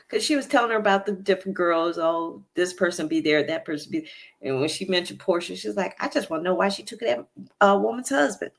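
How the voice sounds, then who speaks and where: A woman's voice: on the low side, brisk, creaky. A woman hosting a casual reality TV recap, chatty and opinionated, with many fillers. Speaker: recap show host.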